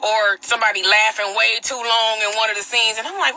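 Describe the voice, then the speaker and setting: A woman's voice: on the high side, measured pace, pushed and bright, slight background noise, rough recording. A woman hosting her own phone livestream, ranting bluntly in slangy casual talk and answering viewer comments. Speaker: livestream host.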